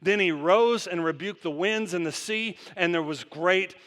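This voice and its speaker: A man's voice: high-pitched, measured pace, fairly bright tone. A man preaching a sermon as pastor, putting rhetorical questions to the congregation in long runs. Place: church sanctuary. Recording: long church reverb.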